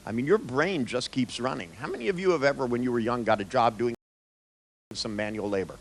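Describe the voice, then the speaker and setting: A man's voice: medium pitch, brisk, a little hiss or hum. A man presenting a workshop, telling stories to an audience and acting out the dialogue as he goes. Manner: animated storyteller, quoting others in dialogue. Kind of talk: storytelling lecture to an audience.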